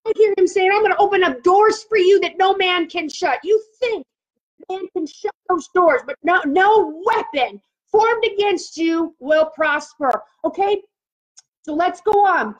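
A woman preaching a sermon and praying, emphatic and repeating phrases for effect. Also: very high voice. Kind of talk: sermon with prophetic prayer. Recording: muffled lo-fi audio.

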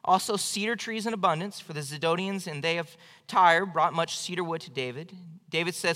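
A man's voice: fairly high pitch, a little fast, pushed and bright. A male pastor preaching an evening church sermon in a conversational, emphatic way. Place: church sanctuary. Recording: long hall reverb.

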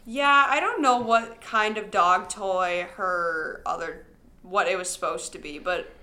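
A woman's voice: on the low side, unhurried, bright, forceful tone. A woman co-hosting a podcast, chatting casually and reading out odd news stories with frequent laughs. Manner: laughs often, reads headlines aloud. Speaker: podcast co-host.

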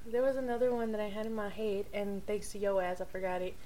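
A woman's voice: medium pitch, level tone, fast talker, background noise. A woman co-hosting a casual podcast chat, crude and swearing freely, laughing often. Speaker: podcast co-host. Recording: harsh, overloaded mic.

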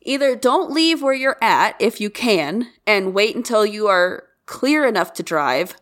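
A woman co-hosts a casual podcast at a middle pitch. She speaks earnestly, gives advice, and keeps the conversation on track. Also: lively intonation, measured pace, a bit bright. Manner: earnest, advice-giving, moves the talk along. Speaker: podcast co-host. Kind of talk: casual chat.

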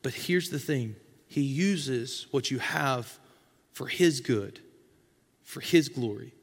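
A man's voice: medium pitch, lively intonation, slow pace, slightly rough, long reverb tail. A man preaching a sermon as a pastor, in a conversational, folksy way with casual asides to the congregation.

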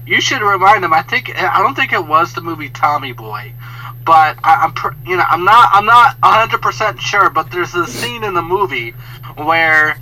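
Very bright, high-pitched man rambling. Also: lively intonation, moderate pace, slight background noise, low-quality recording. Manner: rambling, hesitant storytelling. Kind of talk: casual chat.

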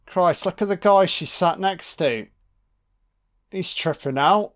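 Speaking slowly in a high-pitched voice, a man swears his way through casual film commentary. He throws mocking remarks at the on-screen characters as he watches.

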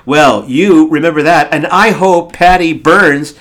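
A man's voice: fairly high pitch, a little slow, a bit bright. A man from the United States hosting a talk radio show in a jokey, hammy way, with stumbling restarts.

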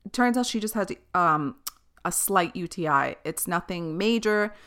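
A woman's voice: lowish voice, lively intonation, moderate pace, a bit bright. A young woman hosting a podcast, talking casually and candidly, swearing freely and drifting off on tangents. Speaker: podcast host. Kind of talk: casual chat.

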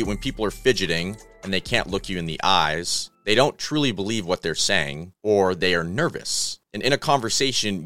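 Deep-voiced man hosting a podcast. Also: sharp tone, dry recording, clean studio sound. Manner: earnest, coaching tone. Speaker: podcast host. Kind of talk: solo podcast monologue.

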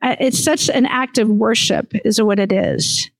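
A woman's voice: on the high side, unhurried, gravelly, rough recording. A woman pastor, preaching a conversational sermon with frequent laughter. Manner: warm, laughing often, conversational.

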